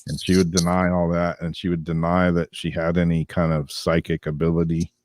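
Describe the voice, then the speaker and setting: A man with a very deep voice chats casually as a show's co-host. His stories ramble along with lots of fillers and laughs. The sound is close and dry. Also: monotone, a little fast, darkish tone, no room sound. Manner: rambling storyteller with many fillers, laughs often. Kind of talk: casual chat.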